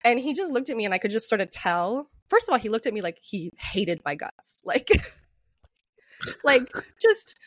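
A woman co-hosting a podcast who tells a story in a casual, animated way, swearing freely and laughing often. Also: a little high, normal speed, no echo. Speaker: podcast co-host.

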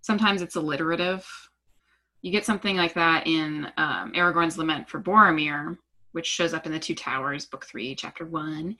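Low-pitched woman co-host, crisp bright tone, steady explainer. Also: moderate pace. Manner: lecturing, steady explainer with "um" fillers. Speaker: podcast co-host. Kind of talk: explanatory casual chat.

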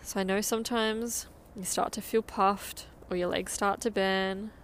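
Woman, running coach, encouraging, medium pitch, faint background ambience. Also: level tone, unhurried, a little hiss or hum. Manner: upbeat, encouraging, counts down. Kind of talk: guided interval run coaching.

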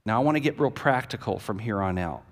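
A male pastor preaching a sermon and retelling a scene with vivid, animated storytelling. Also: on the low side, fast. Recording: echoey hall with long reverb.

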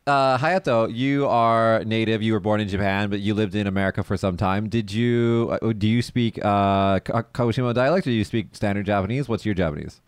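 A man hosting a casual bilingual podcast, lively, leading the talk with quick interjections. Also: lowish voice, clear, resonant tone, no room sound. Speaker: podcast host.

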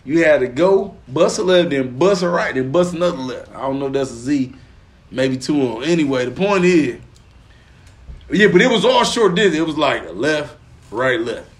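A man from Pine Bluff, Arkansas, co-hosting a podcast and telling a long story in casual, profane slang. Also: normal speed. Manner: animated, profane, slangy, often lowers voice then bursts up laughing. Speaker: podcast co-host.

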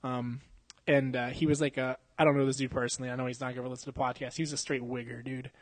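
A man's voice: medium pitch, flat delivery, fast, no echo. A young man telling a long bar story on a podcast, swearing a lot and laughing as he acts out what people said. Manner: laughs often, profane, slangy, acts out quotes. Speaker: podcast host. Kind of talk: casual storytelling. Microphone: handheld mic.

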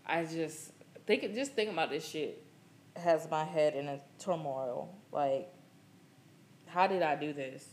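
Podcast host, young woman, low voice, swears freely and laughs through a casual story. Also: unhurried, slight background noise. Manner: profane, laughing, animated storytelling.

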